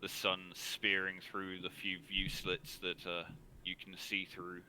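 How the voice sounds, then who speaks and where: Deep-voiced man narrating a tabletop game. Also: monotone, bright, forceful tone, a little hiss or hum, low-quality recording. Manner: measured descriptive narration with frequent "uh" pauses. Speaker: game master.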